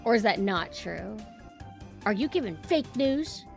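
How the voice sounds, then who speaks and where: A woman's voice: medium pitch, lively intonation, a little slow, vocal fry, faint music behind. A young woman streamer chatting casually with her viewers and ranting bluntly, swearing freely.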